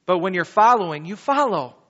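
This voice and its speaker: A man preaching a sermon as pastor, reading scripture and talking to his congregation in an animated, conversational way with dramatic slow pauses. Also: high-pitched, long reverb tail, highs cut off.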